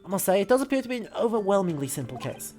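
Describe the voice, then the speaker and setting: A woman's voice: mid-range voice, very animated, darkish tone, faint music behind, natural voice. A woman voicing a stern, skeptical older male judge who speaks formally and drily. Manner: formal, dry, measured.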